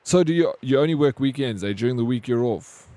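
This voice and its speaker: A man's voice: medium pitch, animated, fairly quick, warm tone, no echo. A young man streaming a game, chatting casually and talking straight to his viewers by name. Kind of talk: casual live-stream chat.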